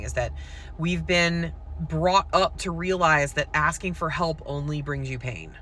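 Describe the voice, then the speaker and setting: Frank woman with a bright, sharp voice. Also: low voice, unhurried, slight background noise. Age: adult with school-age children. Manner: frank and conversational, with plenty of "like" and "um". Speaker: poet and content creator. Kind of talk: candid personal storytelling to camera.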